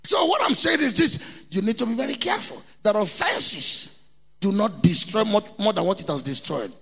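Middle-aged Nigerian man, pastor delivering an emphatic sermon, high gravelly voice. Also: big pitch swings, normal speed, bright, forceful tone, big-room sound, faint music behind. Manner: emphatic preaching, repeats key words, mimics people in anecdotes.

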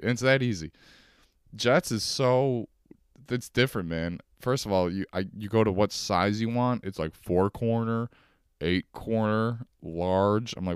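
Deep-voiced guy on his couch doing a podcast, swears a lot, rambly and chill, dry close sound. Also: moderate pace, clear, resonant tone, no room sound. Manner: profane, rambling, laid-back. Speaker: podcast host. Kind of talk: casual solo podcast rant. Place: home couch.

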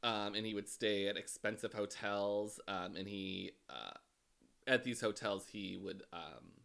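Bright-toned man telling a true-crime story. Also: on the low side, creaky. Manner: halting, many filler sounds. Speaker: podcast host.

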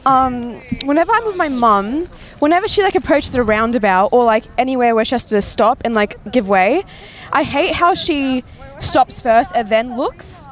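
A woman's voice: high-pitched, normal speed. A young woman, a first-year student guest, explaining earnestly in casual chat with lots of "like". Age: young adult. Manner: earnest, explains with many likes.

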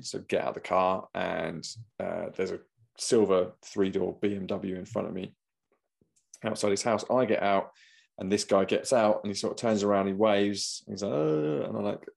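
A man's voice: sits low, little pitch movement, moderate pace, vocal fry. A man in casual chat, telling a story animatedly and acting out the voices of the people in it.

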